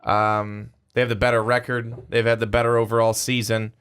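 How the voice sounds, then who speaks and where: A man's voice: medium pitch, flat delivery, a little fast, a bit bright, clean tone. A man co-hosting a sports podcast, talking casually and hesitantly with frequent ums and uhs. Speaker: podcast co-host.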